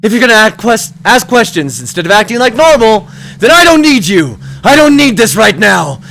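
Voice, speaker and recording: A man voicing an anguished young traveler who lashes out at a companion, bitter and yelling, in a game read-through. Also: sits high, big pitch swings, moderate pace, creaky, voice pushed up, exaggerated voice. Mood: furious yelling.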